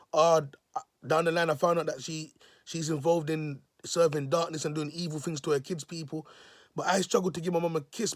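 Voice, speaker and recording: A man's voice: a little high, no echo, clean studio sound. Preachy man, raised voice. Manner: repeatedly addresses listeners as "people"; repetitive, emotional, restarts phrases. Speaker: self-styled prophet. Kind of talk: preachy vlog monologue.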